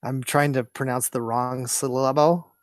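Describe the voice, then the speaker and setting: A co-host reading out multiple-choice answers with jokey, drawn-out delivery. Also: medium pitch, fairly even intonation, dry recording, studio quality. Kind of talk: jokey banter.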